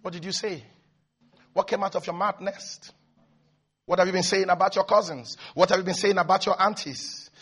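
High-voiced, animated preacher. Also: male voice, moderate pace, slightly rough. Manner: animated, swinging from low asides to high shouts. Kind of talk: sermon.

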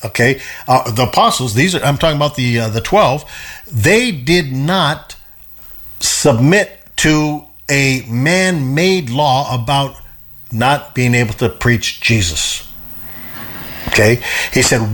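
A man leads a relaxed Bible study in a conversational way. He speaks emphatically, repeats words as he thinks, and acts out the voices in the stories he retells. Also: medium pitch, measured pace. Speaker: Bible teacher.

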